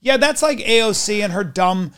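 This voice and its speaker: A man's voice: high voice, expressive, moderate pace, fairly bright tone, clean tone. A man co-hosting a comedy podcast, ranting in a profane, sarcastic way. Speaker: podcast co-host. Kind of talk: casual comedic chat.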